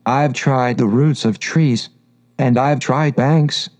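A man's voice: steady tone, takes it slowly, darkish tone, lightly acted. A man voicing a fussy, sulky mother pigeon in a storybook, complaining and rising to a shriek. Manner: complaining, shrill when upset.

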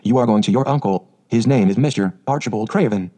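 A man's voice: fairly low pitch, fast, warm tone, lightly acted. A man voicing a teasing seven-year-old boy who talks with scorn, in a storybook reading. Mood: taunting. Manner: taunting and scornful.

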